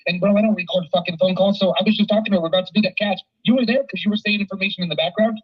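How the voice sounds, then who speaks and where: A man with a high voice fires off his words at speed. He sounds animated and informal, talking on a recorded phone call. The line sounds muffled and lo-fi. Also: racing. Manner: animated and excitable. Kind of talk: casual phone conversation.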